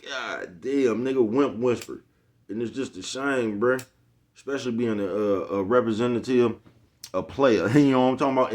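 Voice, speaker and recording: A man ranting to camera in a rambling, profane way, full of slang and repetition, always checking if you get him. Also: medium pitch. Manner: rambling, profane, keeps asking "you know what I'm talking about"; streetwise slang, repeats himself. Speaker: vlogger. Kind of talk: unscripted rant to camera.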